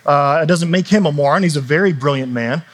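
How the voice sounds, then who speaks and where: A man's voice: fairly high pitch, brisk. A middle-aged male pastor delivering a conversational sermon, often restarting phrases and using fillers.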